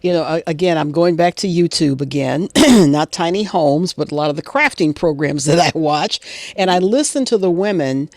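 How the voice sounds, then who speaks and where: A woman's voice: deep voice, animated, normal speed, a little mellow, no room sound, studio quality. A woman moderating a panel on a video call, chatty, asking questions and reading out audience comments.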